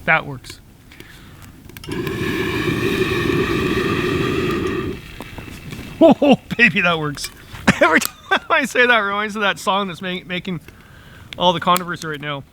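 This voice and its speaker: A man's voice: high-pitched, animated, slow pace, long pauses, noisy background. A middle-aged man chatting casually outdoors in the woods as he makes tea over a small stove, chuckling often between rambling asides. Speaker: outdoor vlogger. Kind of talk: casual chat while camp cooking.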